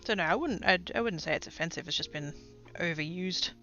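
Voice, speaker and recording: Australian woman, casual streamer, bright tense tone, rambly asides, faint music behind. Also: fairly low pitch, brisk, dull audio. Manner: chatty, rambling, often trailing off into quiet asides. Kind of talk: casual livestream chat while crafting.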